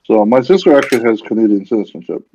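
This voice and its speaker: A man's voice: lowish voice, expressive, very fast, dark tone, a little hiss or hum. Chatty man on a dull lo-fi recording. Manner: chatty, rambling with restarts. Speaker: host. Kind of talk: casual group chat. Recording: dull lo-fi sound.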